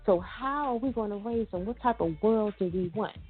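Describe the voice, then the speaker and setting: A woman's voice: mid-range voice, normal speed, husky. A woman co-hosting a radio talk show, preaching emphatically and repeating her points. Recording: tinny phone-like radio audio with faint music.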